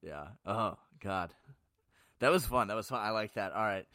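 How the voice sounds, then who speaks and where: A young man co-hosting a podcast in casual chat, animated and jokey, often repeating himself. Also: on the low side, moderate pace, no echo. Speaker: podcast co-host.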